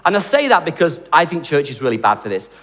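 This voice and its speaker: A man preaching a sermon in an animated, conversational, jokey way. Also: on the high side, quick pace, long reverb tail. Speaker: pastor.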